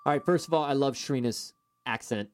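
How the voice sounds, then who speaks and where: A man from upstate New York hosting a podcast, talking in an upbeat, enthusiastic way with quick asides. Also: medium pitch, heavy background noise. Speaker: podcast host. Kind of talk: casual podcast chat.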